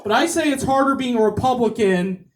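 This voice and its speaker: A male stand-up comedian on a club stage, delivering jokes haltingly with many repeated ums and restarts. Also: very high-pitched, lively intonation, far from the mic.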